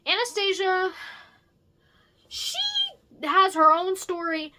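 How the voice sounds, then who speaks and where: A young woman chatting casually about her original characters, rambling with lots of fillers and self-corrections and lively jumps in pitch. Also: slow, pauses often. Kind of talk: casual chat.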